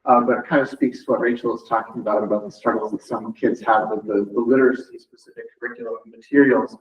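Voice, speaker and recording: A man on a committee sets out a long, thoughtful question at a measured pace. His voice comes from a distance in a roomy meeting space. The sound is dull and muffled. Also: medium pitch, steady tone. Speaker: committee member.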